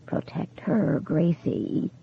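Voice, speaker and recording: A narrator voicing a dead husband's faint, whispery, vibrating voice on a telephone, slow and fading. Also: mid-range voice, vocal fry, husky, full character voice. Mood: eerie whisper. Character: ghostly dead husband whispering over a phone. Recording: tinny phone-like sound.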